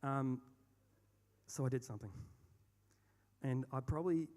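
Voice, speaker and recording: A man's voice: on the high side, normal speed. Young Australian man, self-deprecating storyteller on stage, reverberant hall. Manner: rambling and self-deprecating, with many fillers and restarts. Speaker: speaker.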